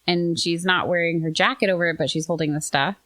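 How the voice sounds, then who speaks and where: A middle-aged woman co-hosting a podcast, telling a family story in a casual, lively way and acting out quotes in higher voices. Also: fast talker. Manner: animated storytelling, acts out quotes in raised voices. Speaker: podcast co-host. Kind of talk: casual chat.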